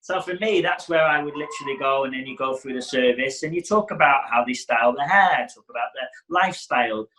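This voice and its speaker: A middle-aged hairdressing educator gives a chatty, casual teaching talk, acting out conversations with clients. His medium-pitched voice is sharp-toned and brisk with few pauses, and the recording quality is low.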